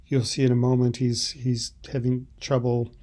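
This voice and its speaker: A man teaching Italian, explaining subtitle translations in a halting, thoughtful way. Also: medium pitch, little pitch movement, dark tone.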